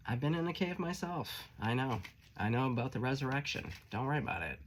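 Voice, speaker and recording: A man's voice: mid-range voice, expressive, a little fast, a little hiss or hum, lightly acted. Casual divine visitor, as a man plays him. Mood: reassuring. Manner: offhand, comforting, swearing. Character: reassuring male divine visitor, casual and blunt.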